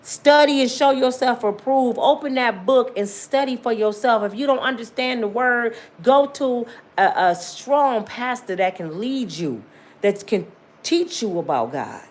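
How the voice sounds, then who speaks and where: Fervent preaching woman, slightly high voice. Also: animated, unhurried. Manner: fervent, repetitive, call-and-response preaching. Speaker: motivational testimony speaker. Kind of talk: impassioned preaching testimony.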